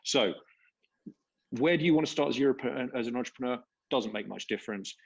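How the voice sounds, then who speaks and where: A man's voice: medium pitch, fairly quick, vocal fry, breathy edge, highs cut off. A man speaking as a panelist, explaining at length with many fillers and tag questions. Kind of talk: panel discussion talk.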